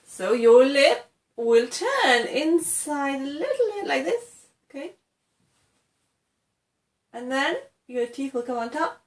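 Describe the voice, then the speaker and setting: A woman's voice: high voice, lively intonation, slow pace, long pauses, reverberant. A woman from England teaching English pronunciation in an encouraging tutorial, often checking in with "okay" and demonstrating sounds.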